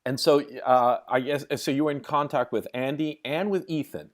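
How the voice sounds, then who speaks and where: A man's voice: mid-range voice, steady tone, normal speed. A man leads an interview with careful, probing questions. He checks facts step by step and often repeats a question to confirm the details. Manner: methodical, checks facts and timeline.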